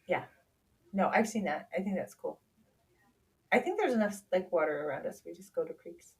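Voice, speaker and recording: A woman's voice: on the low side, animated, normal speed, darkish tone. A woman in her thirties chatting casually on a podcast, telling family stories and quoting people in little voices. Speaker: podcast guest, Charli's sister. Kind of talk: casual storytelling chat.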